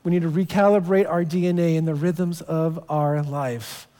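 A man in his thirties preaches as pastor in a church sanctuary, his voice on the high side, steady, dark-toned, and at normal speed. He tells stories casually, often starting phrases over, with the long reverb of the hall behind him.

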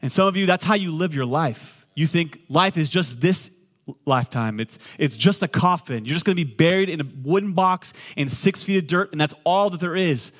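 A middle-aged man, a pastor, preaching a sermon with joking asides, swinging between loud and quiet. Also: on the high side, normal speed.

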